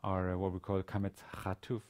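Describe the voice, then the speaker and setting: A man lecturing on a language lesson, speaking haltingly with many fillers and restarts. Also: sits low, flat delivery, a little mellow. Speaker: university lecturer.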